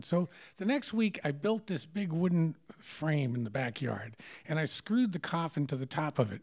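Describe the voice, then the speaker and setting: A man's voice: fairly high pitch, lively intonation, moderate pace, hardly any pauses, darkish tone. A middle-aged man telling a story to a live audience, conversational and wry, amused at himself.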